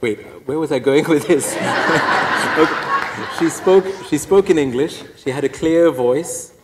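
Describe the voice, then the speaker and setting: A man's voice: fairly high pitch, unhurried, background noise. A priest giving a personal testimony talk, telling his story with wry, self-deprecating humor. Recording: echoey hall reverb.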